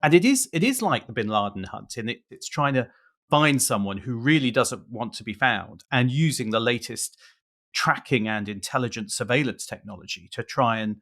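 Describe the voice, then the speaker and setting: A British man co-hosting a conversational podcast, his pitch sitting in an ordinary middle range but moving a lot as he speaks. He leans hard on key words and sometimes draws them out for emphasis. The delivery is animated, with plenty of rise and fall from phrase to phrase. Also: moderate pace. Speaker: podcast co-host.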